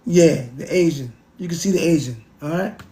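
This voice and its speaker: A man's voice: fairly high pitch, normal speed, mellow. A man hosting a casual livestream, talking to his chat in an emphatic, repetitive way. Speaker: livestream host.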